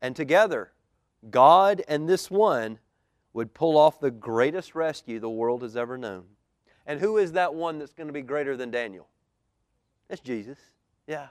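Lively pastor reading a storybook. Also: male voice, on the high side, moderate pace, dry recording, studio quality. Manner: lively, asks the children questions. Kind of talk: reading a children's storybook aloud. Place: church auditorium.

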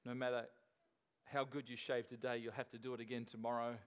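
An older man preaches to his congregation in a relaxed, chatty way, chuckling as he talks. His voice is of middling pitch, and he speaks like a grandfather easing into his sermon. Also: fairly quick, smooth. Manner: jovial, chuckling, conversational. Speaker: pastor. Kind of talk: sermon opening.

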